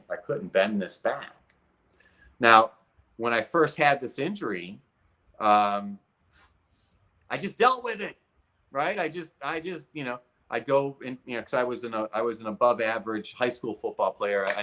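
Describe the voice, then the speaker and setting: In an interview, a guest expert, a man in his forties with a lowish voice, tells a personal story with animated delivery, demonstrating with his arm and hand.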